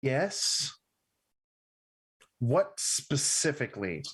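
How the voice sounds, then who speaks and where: A man's voice: medium pitch, big pitch swings, very slow, fairly bright tone, husky. A man running a tabletop game as game master, narrating in a casual way and checking in often with "right?". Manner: casual, uses fillers like "right?".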